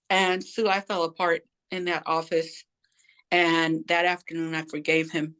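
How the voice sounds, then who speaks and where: In a low, clean, fairly bright voice with little pitch movement, a middle-aged interview guest unhurriedly recounts her own story. She's candid and slangy, mimicking the people she quotes.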